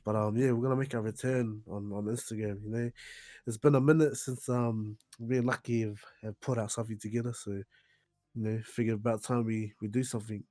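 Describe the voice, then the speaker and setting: A man's voice: fairly low pitch, fairly even intonation, fairly quick, warm tone. A young man with a New Zealand accent chatting as a podcast guest, laughing, swearing and playful. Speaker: guest musician. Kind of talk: casual podcast chat.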